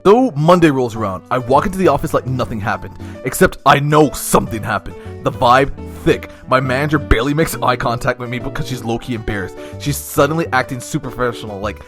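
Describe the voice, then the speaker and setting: Animated young man telling a story. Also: medium pitch, fairly quick, music in the background. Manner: animated, slangy, swings between loud and hushed. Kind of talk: animated story time narration.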